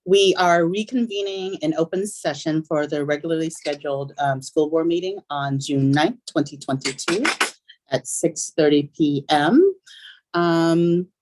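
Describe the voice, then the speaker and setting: A woman's voice: sits low, unhurried, darkish tone, a little hiss or hum. A woman presiding as school board president, reading procedural items with frequent ums. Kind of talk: chairing a public meeting.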